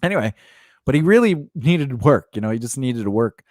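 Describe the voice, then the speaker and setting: A man tells a story on a casual podcast, his pitch rising and falling as he acts out every quoted line. He laughs as he goes. The sound is dry and close. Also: brisk, dry recording. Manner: animated storyteller acting out quoted dialogue; laughs often mid-story. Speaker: podcast co-host. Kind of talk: casual chat.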